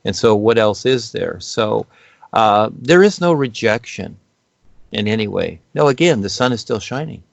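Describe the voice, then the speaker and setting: Gravelly low-voiced man, rambling. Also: expressive, normal speed, no room sound, lo-fi sound. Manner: rambling, many fillers and restarts. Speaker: guest speaker on spiritual topics. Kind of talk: unscripted spiritual explanation.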